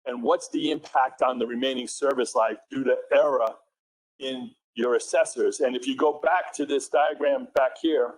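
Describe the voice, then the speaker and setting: A man with a New England accent giving a talk at a conference. He speaks at a mid pitch, easygoing and conversational, often correcting himself mid-sentence and asking the room questions. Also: steady tone, moderate pace, rough recording. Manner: conversational, self-correcting, asks the audience questions. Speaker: conference presenter. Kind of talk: technical conference presentation.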